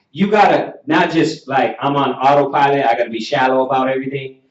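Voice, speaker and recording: In an echoey room, a medium-pitched male teacher with a Southern US accent gives a class in sermon style. He's emphatic and preachy, building close to shouting, with long, drawn-out repeated questions; the audio is muffled and roomy, recorded far from the mic.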